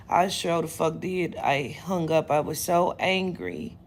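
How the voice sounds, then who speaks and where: A woman reader chatting casually to her viewers, blunt and profane, retelling her day with lively quoted dialogue. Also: low voice, a little slow, hardly any pauses, a little hiss or hum. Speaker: spiritual reader. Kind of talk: casual storytelling to camera.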